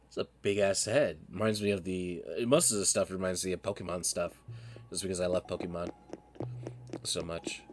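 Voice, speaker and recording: A streamer giving casual, rambling gameplay commentary, excitable and swearing freely, over a background hiss. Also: low voice, moderate pace.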